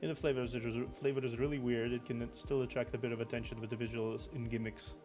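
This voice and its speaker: A young male streamer reads a game's story aloud, often stumbling over words and correcting himself. His voice sits at an ordinary male pitch. Game music plays clearly behind him. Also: level tone, quick pace. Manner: stumbling, self-correcting reading. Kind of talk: reading game story aloud, casual chat. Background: background game music.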